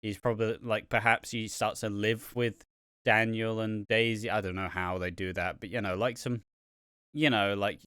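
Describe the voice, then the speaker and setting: A man's voice: lowish voice, steady tone, moderate pace, a bit bright, clear, resonant tone, no echo, clean studio sound. A man hosting a podcast, chatting casually about a soap opera with lots of "um"s and "like"s and some casual swearing. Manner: rambling, many "um"s and "like"s, casual swearing. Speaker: podcast host. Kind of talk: casual soap review chat.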